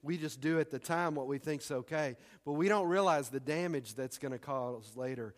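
A man's voice: fairly high pitch, normal speed. A man preaching a sermon as pastor in a church, conversational and punchy with emphatic repetition. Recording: long hall reverb.

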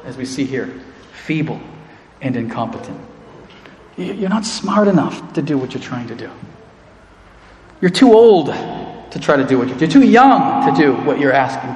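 A man's voice: mid-range voice, darkish tone. A man preaching a sermon as pastor, earnest, speaking to the congregation as friends. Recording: echoey hall with long reverb.

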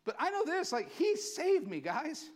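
Man, pastor, sermon, high voice, very animated pitch, impassioned, conversational. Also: unhurried. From California. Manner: impassioned, conversational preaching with acted-out quotes.

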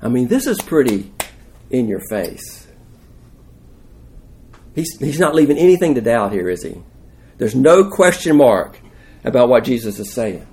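A man preaching a sermon, easygoing yet insistent. He explains things in an everyday way and often turns to the listeners with questions. His voice sits at an average pitch. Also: sing-song, unhurried, darkish tone, a little hiss or hum. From United States. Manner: conversational, emphatic, asks the listeners questions.

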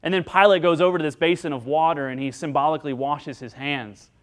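A pastor preaching a sermon to his congregation in an earnest manner, voicing the figures he quotes with rising pitch and loudness. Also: steady tone, fast.

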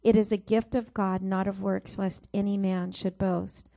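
A woman's voice: mid-range voice, level tone, normal speed, gravelly. A middle-aged woman preaching a sermon, reading scripture and telling a family story, stressing each verse number. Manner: warm storytelling with Bible reading, rising emphasis on verse numbers.

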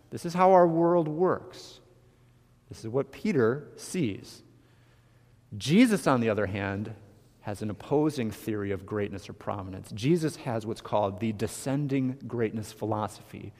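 Guy preaching a sermon, gets loud then quiet for emphasis, echoey church hall. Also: medium pitch. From Michigan. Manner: animated storytelling, emphatic swings in loudness. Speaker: pastor.

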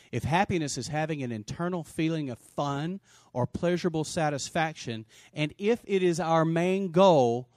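Male pastor, high lively voice, dry close sound, energetic sermon delivery with shouts. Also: no echo. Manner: animated preaching with shouts and call-and-response.

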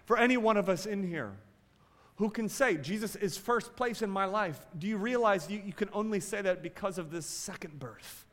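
A man preaching a sermon as a pastor, swinging between loud exclamations and quiet asides. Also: sits high, moderate pace, big-room sound.

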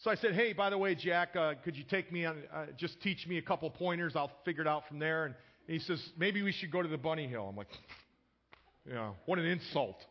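A man with a fairly high voice delivers a sermon in an easy, conversational way. He tells personal stories and often restarts sentences by repeating a word, and the recording sounds dull and lo-fi. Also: fairly quick. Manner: conversational, repeats words when starting sentences. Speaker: pastor.

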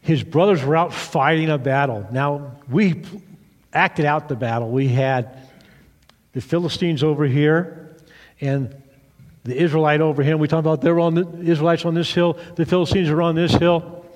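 A man's voice: on the high side, moderate pace, in a large hall. A man pastor giving a children's sermon, retelling a story with animation and asking the kids questions.

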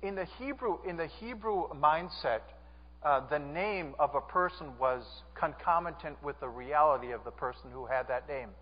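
A man's voice: fairly high pitch, normal speed. A man preaching a sermon to a congregation in earnest, repeating phrases and asking them to answer back. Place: church sanctuary. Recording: dull sound with long church reverb.

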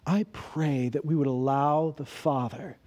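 Guy with a pretty high voice preaching, chatty, keeps asking the crowd questions. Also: steady tone, a little slow, a little mellow. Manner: conversational, asks the listeners rhetorical questions; acts out quoted speech in everyday voices. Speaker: pastor. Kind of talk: sermon.

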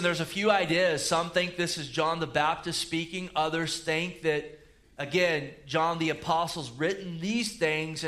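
A man preaching a sermon, swinging between loud emphatic rises and low quiet asides. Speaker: pastor.

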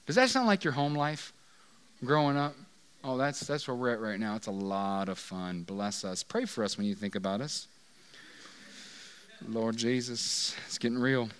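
A man's voice: mid-range voice, animated, normal speed, smooth. A male pastor preaching in a conversational, joking way, often asking the audience questions. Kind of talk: sermon.

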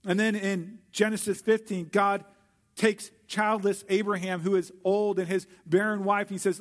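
High-voiced male pastor preaching. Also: steady tone. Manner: earnest, with slow emphatic repetition. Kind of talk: sermon.

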